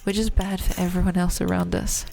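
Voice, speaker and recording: A woman reading the lines of an intense, teasing young man on a phone call, wry and breathy. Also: fairly low pitch, level tone, brisk, warm tone, slight background noise. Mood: strained teasing.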